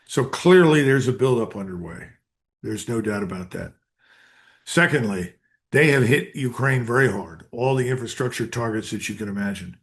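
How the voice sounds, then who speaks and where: His mid-range voice is animated and moves at an ordinary pace. Being interviewed as a guest, this retired U.S. colonel, now older, answers bluntly and with emphasis.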